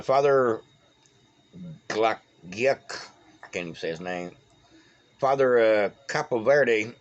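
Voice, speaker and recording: A folksy Texan man with a fairly low voice rambles through casual commentary, stumbling over names as he goes. His voice comes through a dull, lo-fi phone recording. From Texas. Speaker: political vlogger.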